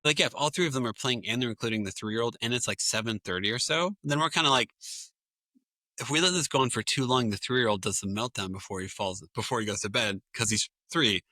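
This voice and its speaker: A man's voice: medium pitch, quick pace, sharp tone, no room sound. A man in his thirties chatting casually on a podcast, telling family stories and acting out what everyone said. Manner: chatty storytelling that acts out family quotes. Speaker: podcast co-host or guest. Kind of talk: casual chat.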